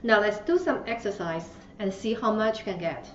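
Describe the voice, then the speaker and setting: Woman language teacher, slow and patient, dull roomy recording with faint hiss. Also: medium pitch, recorded from a distance. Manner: patient, demonstrates tones with exaggerated syllables. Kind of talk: slow instructional lesson.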